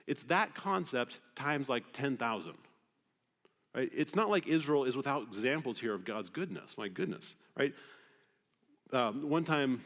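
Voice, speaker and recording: A man preaching a sermon as pastor, conversational and animated, often checking in with the congregation. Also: medium pitch, unhurried. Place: church sanctuary. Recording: long hall reverb in a church.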